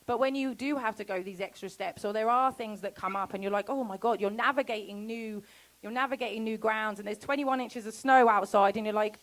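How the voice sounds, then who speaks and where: A woman giving a casual festival talk about homesteading, chatty and quick to laugh, acting out quoted conversations. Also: a little high, low-quality recording. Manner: chatty, laughs often, acts out quoted exchanges. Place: festival talk before an audience.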